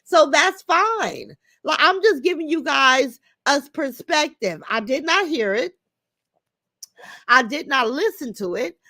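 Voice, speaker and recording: An older woman, speaking in a high voice. She hosts a casual livestream, reading chat comments and answering them bluntly, heated and swearing freely. The sound is dry and close. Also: lively intonation, slow pace, bright, forceful tone, no room sound. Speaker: livestream host.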